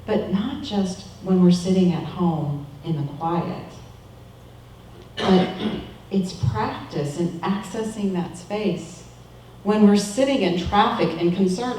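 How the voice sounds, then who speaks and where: A middle-aged woman giving a calm, measured, reflective sermon as a minister. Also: on the low side, far from the mic, a little hiss or hum. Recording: echoey room, voice from off-mic.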